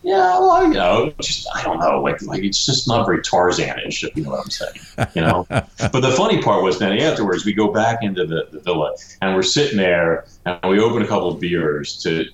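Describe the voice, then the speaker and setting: A man's voice: low voice, huge pitch swings, fairly quick, echoey room, rough recording. A man who is an author, telling a story animatedly in a conversational interview and saying "you know" often. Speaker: author guest.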